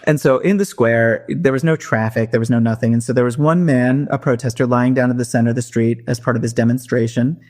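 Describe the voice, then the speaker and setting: A man's voice: medium pitch, fairly even intonation, fairly quick, few pauses, a little mellow. A man co-hosting a podcast in casual chat, with wry, sardonic remarks. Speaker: podcast co-host.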